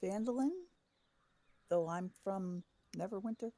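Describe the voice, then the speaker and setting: A woman's voice: mid-range voice, a little slow, warm tone. A woman playing a tabletop game, hesitant, with fillers and restarts. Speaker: player.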